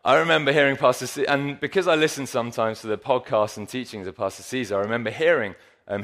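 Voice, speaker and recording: A man's voice: medium pitch, a bit bright. A man preaching a sermon in church on a handheld mic, joking and talking straight to the congregation. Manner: playful, jokey, addresses the congregation directly. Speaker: pastor. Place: church hall.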